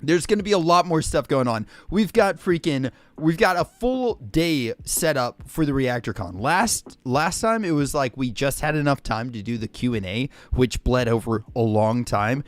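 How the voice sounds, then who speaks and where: A man hosting a livestream in casual chat, excitable and jokey, greeting viewers by name and saying "freaking" constantly. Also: mid-range voice, normal speed, hardly any pauses, no echo. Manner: excitable, says "freaking" constantly, shouts out names; jokey and hyperbolic. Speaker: livestream host.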